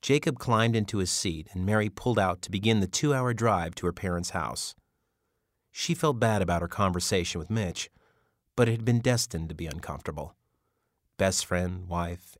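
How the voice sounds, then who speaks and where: Deep-voiced male audiobook narrator. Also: a little fast, no echo, clean studio sound. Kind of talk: scripted narration.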